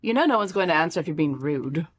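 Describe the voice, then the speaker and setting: A player in a casual tabletop game, talking quickly with frequent restarts. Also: medium pitch, expressive, a little hiss or hum.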